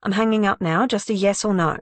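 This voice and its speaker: A woman reading the part of an impulsive, blunt young woman sidekick in an audiobook, with lively, perky delivery. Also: mid-range voice, fairly quick, no echo, lightly acted. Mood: eager.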